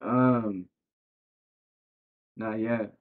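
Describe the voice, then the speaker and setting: A professional boxer talking as a podcast guest in a laid-back, slangy way, full of fillers. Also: male voice, on the low side, fairly even intonation, extremely slow. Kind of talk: casual interview chat. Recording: tinny phone-like sound.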